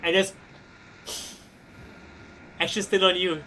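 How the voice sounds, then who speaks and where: A man running a tabletop wrestling game as game master, animated, laughing and swearing casually. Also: high-pitched, brisk, a little hiss or hum.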